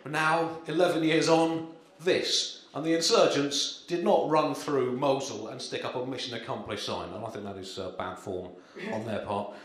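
A man doing a deadpan stand-up comedy set at a live gig, with dry humour, hesitant ums and frequent chuckles. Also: medium pitch, normal speed, few pauses. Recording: very echoey room with clear ambience.

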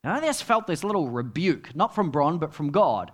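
A middle-aged man preaching a sermon as pastor, telling stories and dropping to quiet asides. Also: fairly high pitch, big pitch swings, moderate pace. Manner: storytelling, with dramatic drops to quiet asides.

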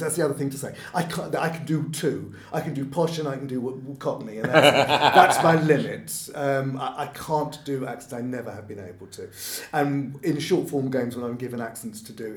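A man in a casual podcast conversation, self-deprecating and chatty, laughing often as he talks about improv. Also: medium pitch. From not from Birmingham, lives there. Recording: echoey room.

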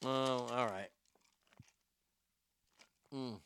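A man's voice: mid-range voice, fairly even intonation, drawn-out words, a bit bright, slight background noise. A man hosting an internet radio show, rambling through a profane, joking comedy monologue into a studio mic.

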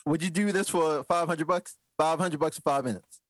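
A man's voice: fairly high pitch, moderate pace, no echo. A man co-hosting a podcast, laid-back and amused in casual chat. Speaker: podcast co-host.

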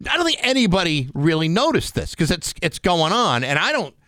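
A man's voice: high-pitched, very animated, fairly quick, fairly bright tone, no echo, studio quality. A man casually chatting and cracking jokes as he adds his side of the story. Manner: jokey, chimes in with wisecracks. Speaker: co-host. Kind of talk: casual chat.

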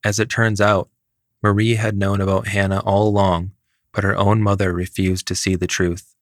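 A man narrating a fairy tale in a steady, even storytelling manner. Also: sits low, moderate pace, no room sound, studio quality. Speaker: story reader.

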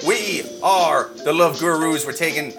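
A man's voice: fairly high pitch, a little slow, gravelly, over music. A man co-hosting a casual comedy podcast from home, laid-back, swearing and laughing often. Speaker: podcast co-host. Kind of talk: casual chat. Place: home, with dogs on his lap.

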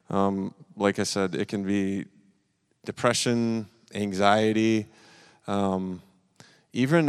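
A man's voice: lowish voice, clean tone. A man leading a live church service, encouraging and upbeat, talking with plenty of fillers. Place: church sanctuary.

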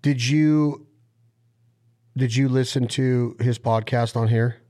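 A man in casual chat, telling stories in an animated, excitable way. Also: medium pitch, takes it slowly.

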